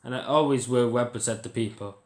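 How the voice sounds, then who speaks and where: A man's voice: mid-range voice, fairly even intonation, a little fast, darkish tone. An Irish man talking to camera in a casual vlog, emotional and rambling, repeating himself as he goes. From Ireland. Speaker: YouTuber. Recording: roomy echo.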